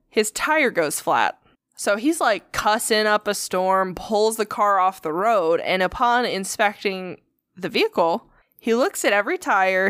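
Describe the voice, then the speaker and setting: A woman's voice: medium pitch, fairly bright tone, no room sound, clean studio sound. Profane chatty woman telling a story. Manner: profane, chatty, acts out quotes. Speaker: podcast co-host. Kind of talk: casual storytelling.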